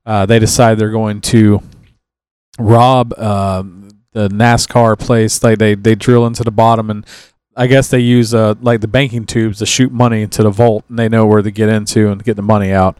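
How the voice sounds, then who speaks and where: A man's voice: lowish voice, normal speed, clean tone, no echo. A man co-hosting a podcast, chatting casually with friends and rambling loosely with lots of restarts. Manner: rambling, relaxed, with many restarts and trailing sentences. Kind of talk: casual chat.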